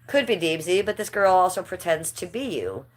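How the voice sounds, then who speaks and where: A woman's voice: on the low side, very animated, moderate pace. A middle-aged woman talks to her livestream viewers in a loose, rambling way. She gossips about people she knows and laughs often as she reads the chat. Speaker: livestream host.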